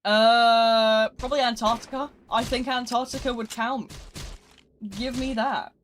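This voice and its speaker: British gaming streamer, rambly and casual, mid pitch, light background noise. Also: flat delivery, normal speed. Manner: rambling and chatty, swinging between loud and quiet. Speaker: live streamer.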